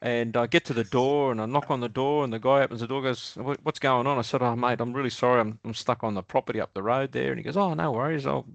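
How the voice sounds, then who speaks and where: This Australian podcast guest, around sixty, tells stories in a rambling interview packed with ums, restarts and chuckles. He has a gravelly, mid-range voice with a steady tone, talks fast and pauses little, and the recording is dry.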